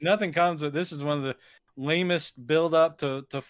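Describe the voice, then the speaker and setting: A man's voice: fairly high pitch, steady tone, fairly quick, no room sound, studio quality. Wry man mocking an old movie. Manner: wry, mocking commentary with swearing. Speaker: podcast co-host. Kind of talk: casual film discussion.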